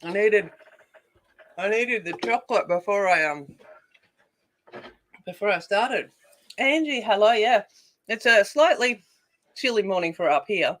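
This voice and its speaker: An Australian woman hosting a casual colouring livestream. She chats while she works, greets viewers by name and thinks out loud. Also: mid-range voice, expressive, measured pace, pauses often. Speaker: adult colouring livestream host.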